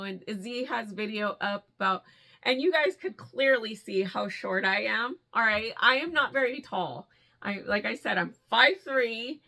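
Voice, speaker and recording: A woman chatting casually to her viewers in a yarn vlog, excited and gushing, laughing often. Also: on the high side. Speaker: yarn vlogger. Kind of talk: casual chat to camera.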